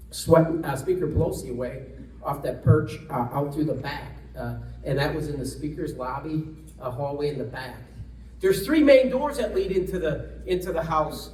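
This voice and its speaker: A man's voice: high voice, dark tone, roomy sound, far from the mic, slight background noise, rough recording. A man giving a storytelling speech at a luncheon, acting out the people he quotes, with frequent restarts. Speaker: congressman giving a guest talk. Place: luncheon event room, indoors.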